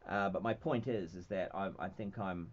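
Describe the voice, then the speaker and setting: A man's voice: low voice, normal speed. A man with a New Zealand accent chatting casually as a guest, laid-back and self-mocking, often trailing off mid-thought. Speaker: guest comedian and actor. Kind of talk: casual chat. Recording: dull lo-fi radio studio sound.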